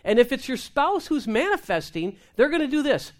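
Animated woman telling a ministry story. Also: high voice, normal speed. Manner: animated storytelling, acting out voices, laughing. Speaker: Christian minister. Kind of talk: testimony talk show conversation.

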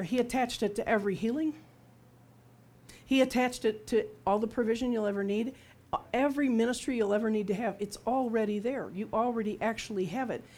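A woman's voice: on the high side, darkish tone. A middle-aged woman preaching a sermon in a conversational, humorous storytelling way, acting out quotes as she goes.

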